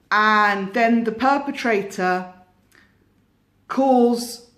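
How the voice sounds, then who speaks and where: A woman's voice: medium pitch, fairly bright tone. A woman hosting a tarot channel, casually telling a cautionary story in a musing way with hesitant restarts.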